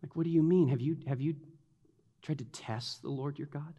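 A man preaching a sermon, animated, acting out the taunts of the mockers in a mocking voice. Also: a little high, normal speed, breathy edge. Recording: long hall reverb.

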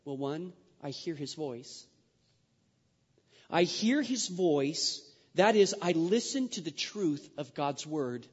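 A man preaching a sermon, swinging between loud emphatic declarations and quiet, intimate asides and repeating key phrases for weight. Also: on the high side, animated, measured pace, hardly any pauses, slightly rough. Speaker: pastor. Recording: long reverb, dull lo-fi sound.

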